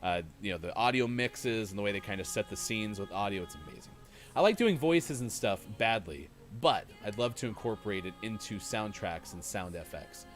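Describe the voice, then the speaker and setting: A male stream host with a lowish voice that swings up and down as he chats. He rambles through the chat's comments, stops to search for words, and fills gaps with "uh" and "anyway." Faint music sits in the background. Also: moderate pace. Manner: rambling, animated, answers chat, many fillers. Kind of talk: live-stream gaming chat.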